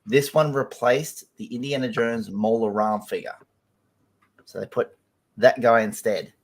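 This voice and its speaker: A man's voice: mid-range voice, steady tone, unhurried. A man from Australia chatting casually about toys, with a just-woken morning voice and frequent laughs. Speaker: guest in a toy collector chat. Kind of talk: casual chat.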